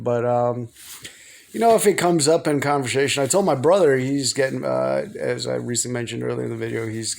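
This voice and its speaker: A man's voice: medium pitch, gravelly. A man talking casually to camera in a personal vlog, rambling and hesitant, often repeating words. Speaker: vlogger.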